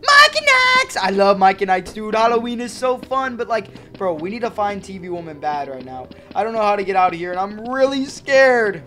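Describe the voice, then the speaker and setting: A gaming video host giving excitable let's-play commentary, chatty and full of slang. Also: mid-range voice, a little fast, few pauses.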